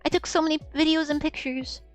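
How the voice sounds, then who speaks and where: A young woman with a high voice chats loosely on a live stream, giggling, tripping over her words and tossing in casual swears. Faint game music plays behind her. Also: level tone, fast. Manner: rambling, stammering repeats, giggly, swears casually.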